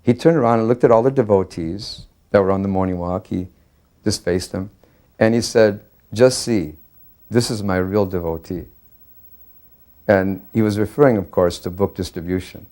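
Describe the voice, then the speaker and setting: A man earnestly recalling a personal memory, halting often with fillers and restarts. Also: on the low side, a little mellow. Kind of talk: recorded personal reminiscence.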